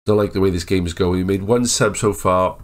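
A man giving casual, excitable commentary over a football management game, chatting and joking as the match plays. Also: sits low, a little fast. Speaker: gaming YouTuber. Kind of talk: casual Let's Play commentary.

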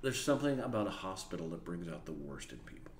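A low-voiced man talks quickly to camera, sharing a casual story from his job and lively impressions of the people in it. The recording has room echo and a little background noise.

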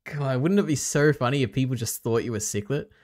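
A laid-back man hosting a stream, chatting casually. He laughs often and lets sentences trail off. His voice sits in a middling pitch. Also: a little fast, a little mellow, no echo, studio quality. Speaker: streamer host.

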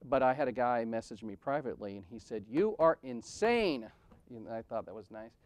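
A man's voice: medium pitch, fast, no room sound. A man in his forties giving a candid conference talk, telling personal stories in a self-deprecating, conversational way with frequent "right?" asides. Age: 40s. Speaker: conference speaker. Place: event venue.

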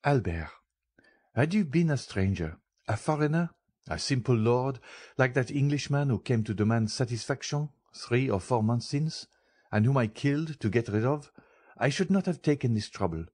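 A man voicing an earnest young male journalist in an audiobook, speaking in a measured, solemn way. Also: medium pitch, animated, slightly rough. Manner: measured and solemn, gently explaining. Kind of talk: audiobook character reading.

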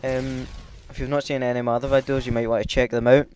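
A man's voice: medium pitch, flat delivery, fast, slight background noise. A Scottish man giving casual, hesitant commentary over his gameplay, with lots of filler ums. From Scotland. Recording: loud game gunfire behind.

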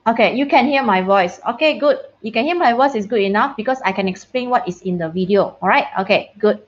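Chatty woman teacher, higher voice, casual online class, mixes in Mandarin phrases, muffled computer-mic sound. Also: a little fast. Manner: chatty, keeps checking if students can hear her. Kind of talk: online science lesson.

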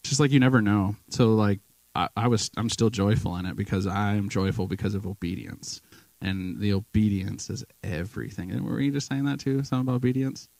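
A man's voice: lowish voice, steady tone, brisk, gravelly, darkish tone, no room sound, low-quality recording. A man sharing casual testimony stories in a church, acting out the people he quotes. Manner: storytelling, acts out quoted people. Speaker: guest speaker at church. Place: church sanctuary.

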